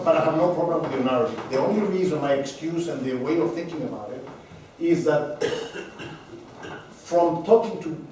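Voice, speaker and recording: A man from Cyprus, a diplomat answering audience questions at a seminar, halting and often repeating words as he searches for the right phrasing. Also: fairly high pitch, a little mellow. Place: lecture hall. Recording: echoey room picked up from far off, faint hiss.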